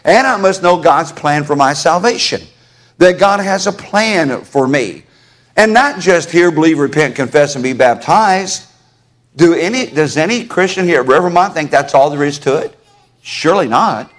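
A man's voice: on the high side, expressive, moderate pace, a bit bright. A man preaching a sermon to his congregation in a church, folksy and conversational, calling on listeners by name. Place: church sanctuary.

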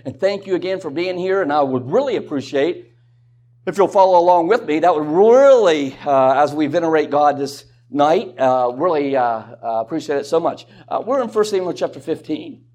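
A man's voice: fairly high pitch, expressive, normal speed, a little mellow. A man preaching a sermon in a conversational way, with rhetorical questions and joking asides.

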